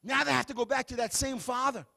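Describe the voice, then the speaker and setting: High-voiced preacher telling scripture. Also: male voice, quick pace, creaky. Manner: animated, playful storytelling. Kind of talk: sermon.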